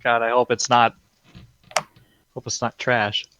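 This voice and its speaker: A man's voice: medium pitch, flat delivery, a little slow, dull audio, background noise. Hesitant young man playing a tabletop game. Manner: hesitant, many ums, wry. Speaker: player. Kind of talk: casual chat in a tabletop game.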